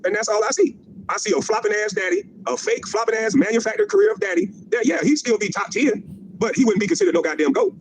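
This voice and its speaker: A man's voice: extremely high pitch, sing-song, fast talker, creaky, a little hiss or hum, rough recording. A middle-aged man delivering a profane, mocking livestream rant, repeating his jabs and laughing at them. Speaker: former pro basketball player ranting on a stream.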